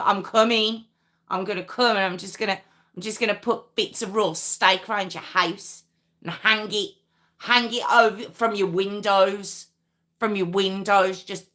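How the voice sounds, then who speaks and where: A woman's voice: mid-range voice, fairly even intonation, unhurried, sharp tone. A woman hosting a live true crime stream, chatting casually with viewers, giggling and reading out their comments. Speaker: true crime livestream host.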